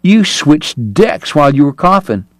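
A man voicing a restless young male army officer who asks sharp, incredulous questions. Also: a little high, big pitch swings, a little slow, dry recording, pitched above the performer's own voice, heavily acted.

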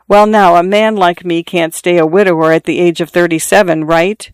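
Reader doing a dying middle-aged father, insistent and confiding, smooth tone, dry close sound. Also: medium pitch, steady tone, normal speed, no echo, natural voice. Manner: confiding, insistent, repeating himself. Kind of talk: audiobook reading.

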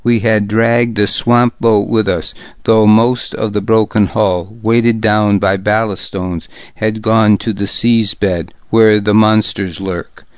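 A man narrating a historical novel in the first person, with a deliberate, gravely serious reading. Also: fairly low pitch, level tone, no room sound, highs cut off. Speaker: audiobook narrator.

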